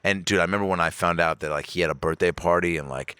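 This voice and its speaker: A man from the Seattle area with a low, bright, forceful voice tells podcast stories in a loose, profane, animated way. He jumps into quoted voices as he goes. The recording is close and dry. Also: fast talker, clean tone, no echo. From Seattle area, USA. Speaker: guest comedian. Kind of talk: casual podcast storytelling.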